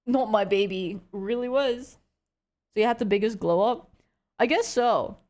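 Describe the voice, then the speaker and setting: A woman's voice: fairly high pitch, measured pace, darkish tone. A young woman streamer in casual chat, talking loosely with many fillers and frequent laughter. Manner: chatty, giggly, full of "like" fillers. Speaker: livestreamer.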